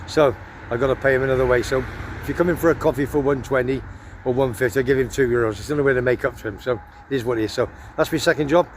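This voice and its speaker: A man's voice: mid-range voice, very fast. An older English man from Gloucestershire, rambling cheekily through a casual vlog, filmed on a handheld phone outdoors. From Gloucestershire, England. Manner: chatty, cheeky, self-promoting. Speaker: vlogger. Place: outdoors on town streets. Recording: noisy outdoor phone audio. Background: traffic and street noise.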